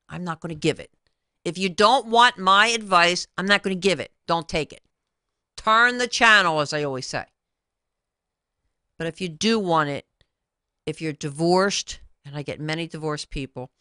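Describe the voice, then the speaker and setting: A woman's voice: fairly low pitch, sharp tone, smooth, no room sound, studio quality. Emphatic woman talk show host. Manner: emphatic, repetitive, addresses viewers directly. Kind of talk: direct-to-camera talk show monologue.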